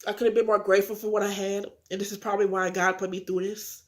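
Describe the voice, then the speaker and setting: A woman's voice: medium pitch, flat delivery, fast talker. An eighteen-year-old woman telling viewers about her life in a candid, earnest way, upset but holding back tears. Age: young adult. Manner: talks directly to viewers, acts out phone calls. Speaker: vlogger. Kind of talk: casual confessional vlog.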